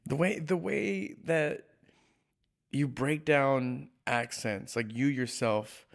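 A man's voice: medium pitch, slow pace, vocal fry. A man interviewing a guest in casual conversation, enthusiastic, restarting his sentences and laughing along.

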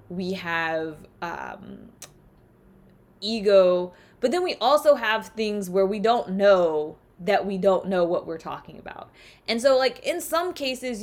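A woman from the South, talking through ideas in a casual, reflective solo podcast. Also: on the low side. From Southern United States. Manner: conversational, reflective, with rhetorical asides. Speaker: podcast host.

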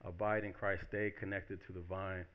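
A man preaching a relaxed, conversational sermon as pastor, acting out quoted voices as he talks. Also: low-pitched, moderate pace, clean tone, dull audio. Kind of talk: casual sermon.

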